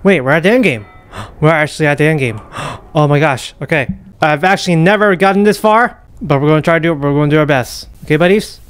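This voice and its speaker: A young man commentating a horror game as he plays, muttering, whispering and panicking with rapid repeats. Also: a little high, animated, clean tone. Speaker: gaming YouTuber. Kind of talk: live gameplay commentary.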